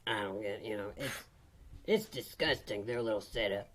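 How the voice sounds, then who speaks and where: A woman co-hosting a comedy podcast, telling a rambling tall tale in a dry, folksy, deadpan way. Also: rumbling low, moderate pace. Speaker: co-host. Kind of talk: deadpan comic storytelling.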